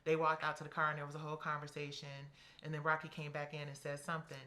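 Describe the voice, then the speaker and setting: A middle-aged woman telling a story as an interview guest, animated and blunt, acting out what others said. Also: low-pitched, racing. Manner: animated, quotes people in acted voices, swears freely.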